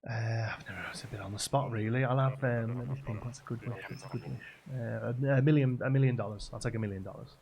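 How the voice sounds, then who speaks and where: A man's voice: medium pitch, quick pace, gravelly, hardly any pauses, a little mellow, natural voice. A man voicing a flustered, hesitant ordinary man put on the spot in a joke. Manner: hesitant, stumbling, then blurting. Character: flustered ordinary man making a first wish.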